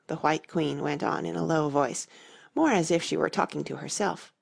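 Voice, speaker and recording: A woman reading a classic children's story as an audiobook narrator, measured and expressive. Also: deep voice, gravelly, breathy edge. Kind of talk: scripted narration.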